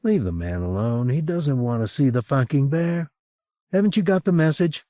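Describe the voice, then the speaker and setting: In a dull lo-fi cassette recording, a man voices a crude, mocking male crew member, a loose-talking photographer's assistant, in an audiobook. His voice is on the high side, animated, dark-toned and pushed up yet close to everyday speech, at normal speed with no echo.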